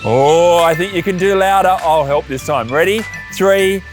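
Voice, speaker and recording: A man's voice: high voice, normal speed, soft background music. A man hosting a children's church show, upbeat and calling out actions to the kids. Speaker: children's ministry presenter. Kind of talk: energetic kids' show hosting.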